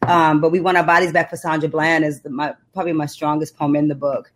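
A woman poet who recites her spoken-word poem in a slow, rhythmic, impassioned way, then talks reflectively about her work in an interview. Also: little pitch movement. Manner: low-key, reflective talk with fillers. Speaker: poet and author.

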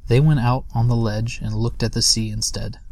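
A man narrating a children's storybook aloud in a steady, gentle manner. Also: medium pitch, normal speed, no room sound.

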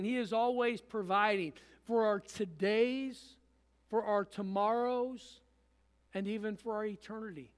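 A high-voiced male pastor preaches a sermon in a church with a big-room sound, repeating phrases and restarting often.

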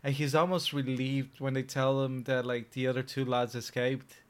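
A man co-hosting a casual film podcast, speaking in a relaxed way. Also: medium pitch, moderate pace. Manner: relaxed, wraps up the episode. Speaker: podcast co-host.

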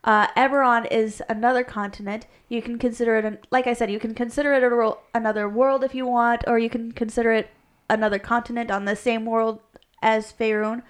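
A chatty woman on a casual podcast, her voice sitting a little high for a woman. She rambles through game lore with frequent restarts and quick laughs. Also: level tone, clear, resonant tone. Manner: rambling, self-correcting, laughs often. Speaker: podcast co-host, game master. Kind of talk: casual chat.

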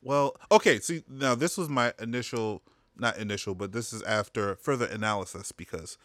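Bright-voiced joking man. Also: lowish voice, moderate pace, dry recording. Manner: joking, laughs often, crude humor. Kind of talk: casual chat.

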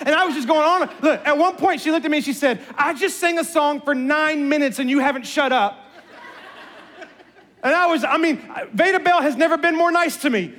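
High-voiced pastor in a reverberant hall. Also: male voice, brisk. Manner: animated storyteller, jokes and voices family members. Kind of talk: sermon with personal stories.

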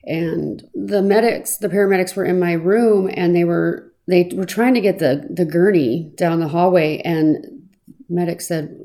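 A woman recounting her own past in an earnest, reflective personal testimony, pausing now and then with small fillers. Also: on the low side, mellow. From Arizona, US.

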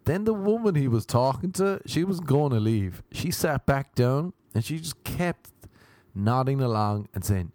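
A man's voice: medium pitch, expressive, normal speed, a little mellow, no room sound. A man doing a casual comic monologue, rambling, profane and self-mocking.

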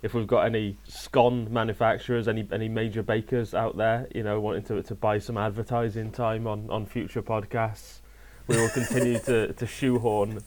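A man's voice: on the low side, a little mellow. A young man from Wales and southwest England co-hosting a podcast, talking wryly and rambling. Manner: wry, rambling with restarts. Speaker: podcast co-host. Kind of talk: casual chat.

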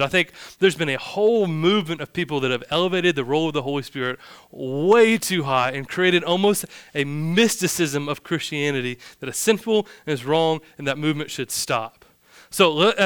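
A man's voice: fairly high pitch, fairly bright tone, clean tone, no echo, studio quality. A male pastor giving a sermon in a casual style with joking asides.

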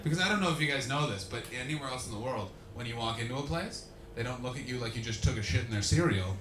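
Young male stand-up, profane crowd-work, loud shouted bursts, roomy and distant live recording with noise. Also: mid-range voice, expressive, fast. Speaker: stand-up comedian and podcast host. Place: live comedy venue with an audience.

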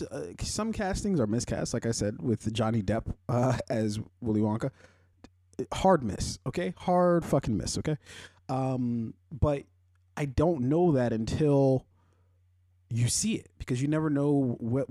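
A man talks through his own podcast in a loose, rambling way, swearing freely and leaning on fillers. His voice is mellow and warm, and it jumps sharply upward when he gets heated. The recording is dry and close. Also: no echo. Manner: rambling, profane, heavy on fillers; pitch jumps high when worked up. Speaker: podcast host. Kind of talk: casual solo commentary.

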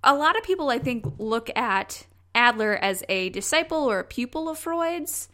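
Brief: young female podcast co-host, giggly and animated, bright tone. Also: a little high, moderate pace. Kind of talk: casual chat.

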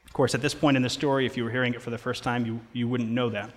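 A man's voice: medium pitch, level tone, racing. Man preaching in an echoing hall. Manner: conversational, with playful asides. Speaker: pastor. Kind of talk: sermon. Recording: long reverb of a large hall.

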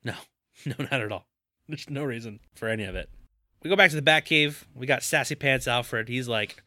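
A man's voice: medium pitch, a little fast, no echo, studio quality. A man co-hosting a podcast, recapping a movie in casual chat and acting out characters' lines with jokes. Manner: animated, jokey, acts out quoted characters. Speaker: podcast co-host.

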